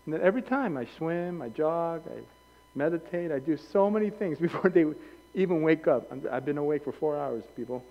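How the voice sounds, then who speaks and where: A male pastor preaching a sermon in an animated way, acting out voices and wandering into anecdotes with self-corrections. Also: on the high side, a little fast, big-room sound, muffled recording. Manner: animated, acts out quoted voices. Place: church hall.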